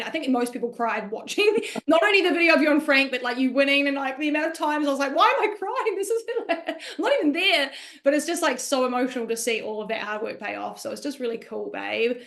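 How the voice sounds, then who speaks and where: A woman's voice: on the high side, quick pace, vocal fry, hardly any pauses, fairly bright tone. A woman hosting a casual podcast interview, gushing and affectionate toward her guest. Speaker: podcast host.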